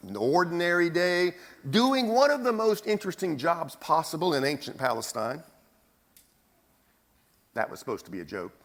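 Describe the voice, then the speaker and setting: A man preaching a sermon in a church, telling the story dramatically with pauses and acted-out scenes. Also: fairly high pitch, fairly bright tone. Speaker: pastor. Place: church sanctuary.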